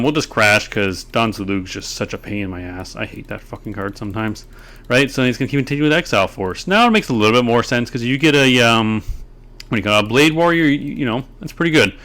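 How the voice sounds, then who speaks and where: A man's voice: medium pitch, quick pace, pushed and bright. A man talks through a replay of his card game in casual commentary, ranting and swearing at his opponent's plays. He rambles loosely, trailing off and restarting mid-thought. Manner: frustrated, ranting, profane. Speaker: gameplay commentator. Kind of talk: casual video commentary over gameplay.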